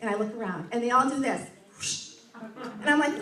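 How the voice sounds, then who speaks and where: Here a woman on the high side, with a sharp tone and lively intonation, talks fairly quickly. She's running an upbeat sales training for a group in a meeting room, role-playing customer exchanges and often breaking into laughter. The sound is echoey and picked up from afar.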